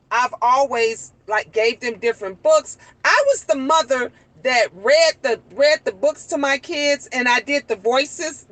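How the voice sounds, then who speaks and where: A woman's voice: sits high, a bit bright, poor audio. A middle-aged woman and grandmother chatting casually with live stream viewers from a car, rambling animatedly through stories and greeting people as they join.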